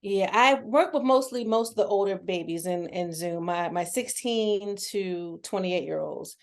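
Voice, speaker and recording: A woman's voice: mid-range voice, unhurried. A woman who is a children's therapist, talking candidly and earnestly in a casual interview, with a folksy manner and frequent restarts.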